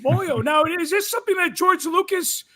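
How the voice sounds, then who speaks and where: Male podcast host, very high pitch, sharp bright tone, playful casual chat, quick to laugh. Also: animated. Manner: playful, quizzing, laughs often.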